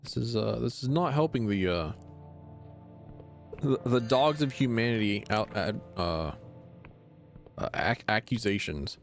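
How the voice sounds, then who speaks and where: A man with a lowish voice chats loosely during a game stream. His speech swings widely up and down, full of stammered restarts and offhand jokes. Soft game music sits faintly underneath. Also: expressive, a little slow, gravelly, pauses often. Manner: rambling and stammering, with frequent restarts and jokey asides. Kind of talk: casual let's-play commentary.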